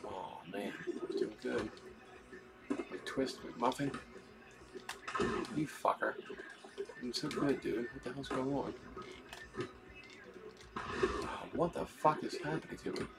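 A man's voice: mid-range voice, slow pace, gravelly, long pauses, very noisy. A man giving casual gameplay commentary, swearing and muttering to himself as he plays. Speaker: gaming YouTuber. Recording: game music playing loudly behind.

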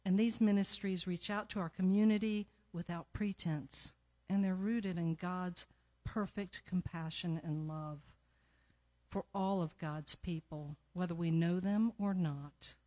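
Middle-aged woman telling a lively church story. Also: lowish voice, a little slow. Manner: lively storyteller, acting out quoted voices. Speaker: church member giving the offering talk. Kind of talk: personal story leading into the offering. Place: church sanctuary.

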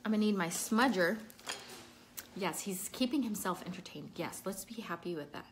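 A woman's voice: medium pitch, animated, moderate pace, noisy background. A woman chatting casually through a makeup tutorial at home, breaking off to talk to her child. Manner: chatty, scattered, talks to viewers and her child mid-task. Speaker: makeup vlogger. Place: at home indoors.

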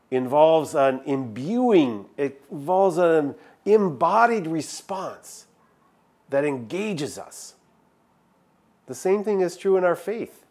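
A man's voice: a little high, a little mellow. A male pastor giving a sermon in a conversational style, stressing key words with emphatic repetition. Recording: filmed sermon video.

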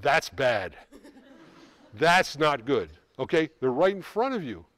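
A middle-aged man coaching a school band in rehearsal, brisk and joking, calling out counts and singing rhythms. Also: on the high side, very animated, fairly bright tone, dry recording. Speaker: band clinician.

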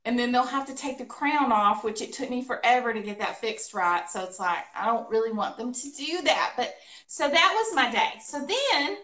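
A woman co-hosting a live show, telling a funny story about her day in an animated, laughing way. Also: on the high side, normal speed. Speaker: co-host of a painting livestream. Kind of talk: casual storytelling chat. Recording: echoey room, voice a bit far from mic.

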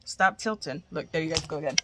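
A woman's voice: low-pitched, quick pace, background noise. A woman vlogger chatting casually and gushing as she unboxes crochet gifts, cursing now and then.

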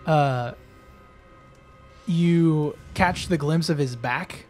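A man narrating as game master, rambling with many fillers and quick laughs. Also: a little high, faint music behind.

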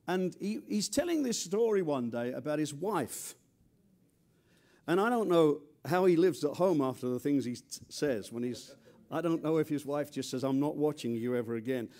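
A man's voice: fairly high pitch, animated, moderate pace, a little mellow. A man preaching a chatty, joking sermon, often stumbling and repeating words. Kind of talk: conversational sermon.

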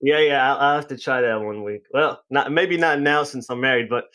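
A man's voice: mid-range voice, normal speed, sharp tone. A man with an American accent hosting a podcast, talking in a rambling, casual way full of fillers. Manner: rambling, filler-heavy, chatty. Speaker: podcast host.

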